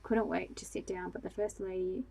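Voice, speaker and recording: A woman reads a bedtime story in a calm, steady voice. Her tone is low and dark, with a gravelly, husky texture and a flat, even melody. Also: normal speed, poor audio. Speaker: narrator.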